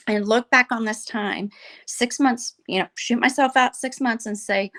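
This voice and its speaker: A woman guest in a podcast conversation, telling a story in an earnest, animated way and quoting the people in it. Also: fairly high pitch, moderate pace. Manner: earnest, animated storyteller who quotes others.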